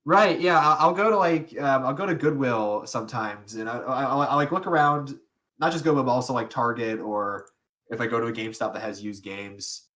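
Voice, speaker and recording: Talking a little fast in a mid-range, slightly bright voice, this young podcast co-host keeps the chat casual. He wanders, starts over, and often laughs mid-sentence.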